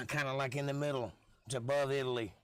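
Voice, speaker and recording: A hoarse man rambles through a casual live stream chat, offhand and jokey, coughing now and then. His voice sits at an ordinary middle pitch. The sound is dry and close on a desk mic. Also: steady tone, fairly quick, dry recording.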